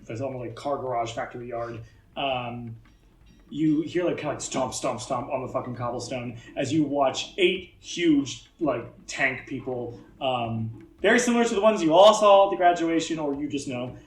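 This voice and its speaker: A man's voice: medium pitch, normal speed, recorded from a distance, a little hiss or hum. A man narrating a tabletop game as game master, in a casual, loose style full of restarts. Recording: roomy echo.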